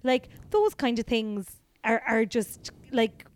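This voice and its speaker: A woman's voice: a little high, sing-song, takes it slowly, no echo. A woman in her thirties with an Irish accent, chatting frankly and casually as a podcast co-host. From Ireland. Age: 30s. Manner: chatty, frank, laughs often, swears. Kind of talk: casual chat.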